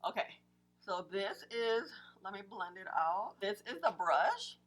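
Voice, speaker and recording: A young woman vlogger with a fairly deep voice that still carries some morning heaviness. She talks chattily and excitedly straight to her viewers while she reviews makeup. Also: takes it slowly, rough recording. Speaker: beauty vlogger.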